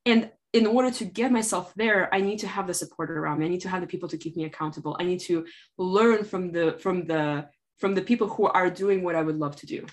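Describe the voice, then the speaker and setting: A woman's voice: fairly low pitch, fairly quick. A woman speaking in an earnest, heartfelt way about personal growth in a podcast conversation, often restarting her sentences. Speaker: author and podcast regular. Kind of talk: motivational conversation.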